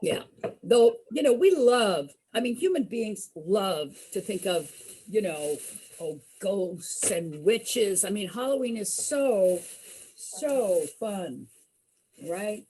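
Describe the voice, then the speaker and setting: A woman's voice: medium pitch, very animated, slow, dark tone, slight background noise. A woman entertainer telling a spooky story to an audience dramatically, asking them questions as she goes.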